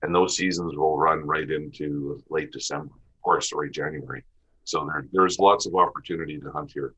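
A man's voice: a bass voice, steady tone, normal speed, a bit bright, breathy edge, lo-fi sound. A Canadian man from the west of the country, a podcast guest talking easily about hunting seasons and terrain. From Western Canada. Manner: easygoing, lists places and seasons. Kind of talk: casual podcast interview.

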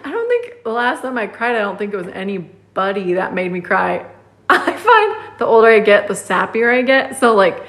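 A woman's voice: medium pitch, big pitch swings, moderate pace, fairly bright tone. A young adult woman co-hosting a casual chat podcast, laughing often as she talks. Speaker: podcast co-host. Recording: roomy echo.

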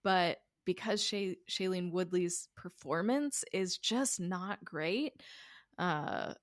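A woman's voice: fairly low pitch, slow pace, no room sound, studio quality. A woman co-hosting a podcast, chatting casually about a film, hedging her opinions and laughing at herself. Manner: hedging, self-deprecating, laughs often. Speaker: podcast co-host. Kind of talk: casual film review chat.

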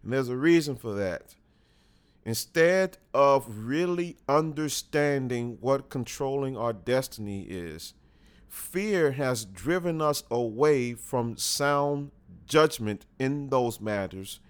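A man hosting a talk, speaking in a slow, deliberate unscripted monologue and pausing to correct himself along the way. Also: mid-range voice, expressive, smooth. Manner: slow and deliberate, with restarts and small self-corrections. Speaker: host.

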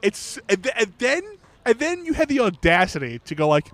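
Animated high-voiced man in casual chat. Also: brisk. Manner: animated, rambling, swears, laughs loudly. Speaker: podcast co-host. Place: New York City.

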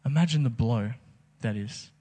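A man's voice: mid-range voice, normal speed, mellow. A man preaching a casual, conversational sermon, full of rhetorical questions. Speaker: pastor.

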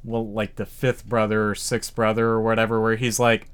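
A man's voice: lowish voice, level tone, moderate pace, clean tone. A man co-hosting a podcast, chatting casually about a TV episode in a laid-back, agreeable way, hedging his points and swearing now and then. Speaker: podcast co-host. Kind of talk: casual chat recapping a TV episode.

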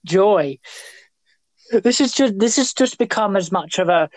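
A woman's voice: medium pitch, lively intonation, a little slow, a little mellow, no room sound. A young British woman hosting a podcast in a casual chat, rambling and joking with many fillers and restarts. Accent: British English. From Britain. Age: young adult. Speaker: podcast host.

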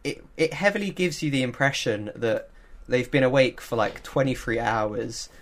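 A man co-hosting a casual podcast chat, telling a story with lots of fillers and quick laughs. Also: mid-range voice. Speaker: podcast co-host.

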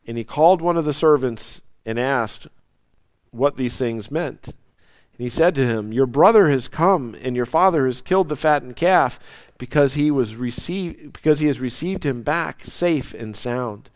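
A man preaching a sermon, swinging from loud, soaring lines down to near whispers. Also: mid-range voice, normal speed, clear, resonant tone, no echo. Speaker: pastor.

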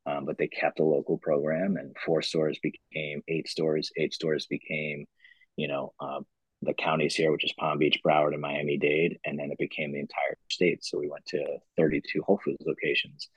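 A man's voice: extremely low pitch, level tone, moderate pace, slightly rough, no room sound, low-quality recording. A man who founded a company, telling his story in a casual interview, rambling and earnest with lots of "you know" fillers. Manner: earnest and reflective. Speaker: company founder, podcast guest.

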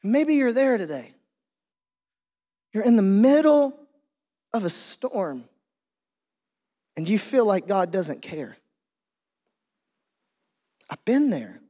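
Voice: medium pitch, lively intonation, slow pace, long pauses, warm tone. A pastor preaching an earnest sermon, often repeating and restarting phrases for emphasis. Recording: long hall reverb.

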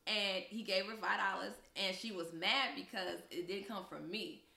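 A young woman co-hosts a casual podcast, telling stories with lots of acted-out quotes. Her voice is bright with a gravelly edge of fry. The room around her is echoey. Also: mid-range voice, moderate pace. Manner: animated storyteller, acts out quoted voices. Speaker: podcast co-host. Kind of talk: casual storytelling chat.

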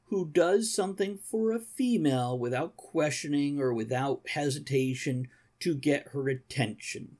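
A man's voice: medium pitch, darkish tone. A man co-hosting a casual chat show, joking and laughing often. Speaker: co-host.

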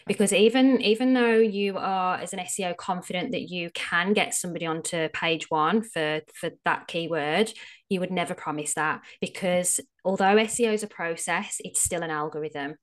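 A woman's voice: fairly low pitch, normal speed. An Australian woman, a guest strategist, explaining things frankly and casually in a podcast interview. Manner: explanatory, frank, with frequent fillers.

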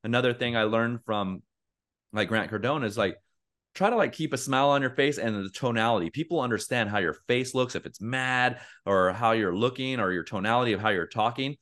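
A man's voice: mid-range voice, a little fast, a bit bright. A young man co-hosting a podcast in casual chat, earnest and rambling with lots of fillers. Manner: acts out angry quotes in a raised voice. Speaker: podcast co-host.

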